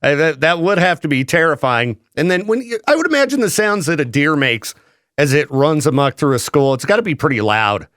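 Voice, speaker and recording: Animated joking radio host man. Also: a little high, fairly quick, no room sound, clean studio sound. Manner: animated, joking, laughs often. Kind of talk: casual morning radio chat. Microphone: studio microphone.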